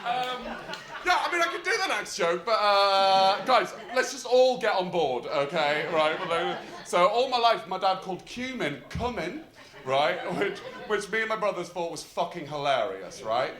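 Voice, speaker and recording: A young man from North Yorkshire with a posh, loud voice, doing a rambling, self-mocking stand-up set in a comedy club. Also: high-pitched, sing-song, moderate pace. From North Yorkshire, England. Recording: roomy live club sound with crowd.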